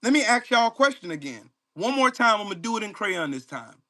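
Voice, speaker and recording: A man's voice: high voice, sing-song, fairly quick, few pauses, pushed and bright. Angry profane man ranting at live chat. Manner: profane, mocking, confrontational. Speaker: livestream host.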